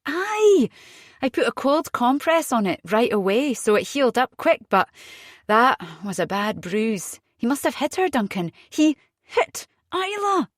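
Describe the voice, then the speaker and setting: A woman voicing an agitated young Scottish mother in an audiobook, speaking urgently with a rising pitch. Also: very animated, measured pace, no room sound, clean studio sound.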